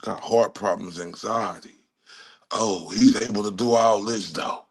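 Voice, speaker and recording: Male streamer from Dallas with a gravelly voice, ranting angrily and swearing constantly. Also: fairly low pitch, fairly even intonation, measured pace. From Dallas, Texas. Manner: furious, heavily profane ranting. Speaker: livestream host. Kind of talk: angry profane livestream rant.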